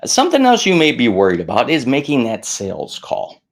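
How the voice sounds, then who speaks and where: A middle-aged man gives friendly advice on worry and stress, his voice gravelly and rising and falling with lively swings. He acts out anxious inner voices in a higher pitch and slips in self-mocking asides. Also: brisk. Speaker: stress management speaker. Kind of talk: casual advice talk to camera.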